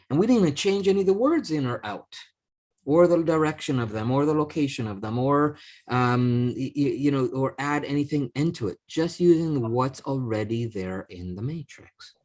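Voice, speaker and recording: A man's voice: on the high side, darkish tone. A middle-aged man hosting a casual chat, rambling with many restarts and fillers. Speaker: podcast host.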